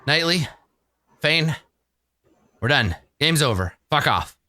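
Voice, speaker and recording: A curt, hard-edged tavern woman, as a man puts her on at a tabletop game. She talks low and dry, brushing people off with blunt orders. The recording is close and dead, with no room sound. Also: lively intonation, slow, pushed and bright, no room sound, exaggerated voice. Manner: blunt, dismissive. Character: gruff tough woman running a card table. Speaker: game master voicing a character.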